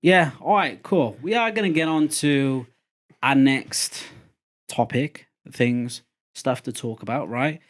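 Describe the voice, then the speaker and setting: A man's voice: mid-range voice, takes it slowly. A young man hosting a podcast, chatting casually and steering the topics. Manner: easygoing, steers the talk. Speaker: podcast host. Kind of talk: casual chat.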